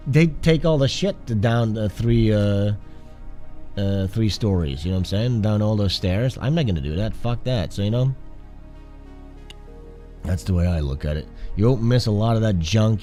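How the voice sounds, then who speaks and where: A man's voice: lowish voice, darkish tone. Stuffed-up, sick male streamer. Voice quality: nasal, stuffed-up. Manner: rambling, profane, self-interrupting. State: sick with flu, coughing. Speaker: art streamer host. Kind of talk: casual livestream chat. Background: faint background music.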